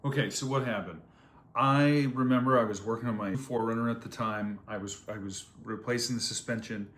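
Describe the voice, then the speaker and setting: A man's voice: lowish voice, steady tone, fairly quick, fairly bright tone. A man in his twenties telling a personal story to camera on a trip, rambling with lots of fillers and repeated words. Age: 20s. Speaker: vlogger. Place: on a surf trip. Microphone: phone or camera, quickly made video.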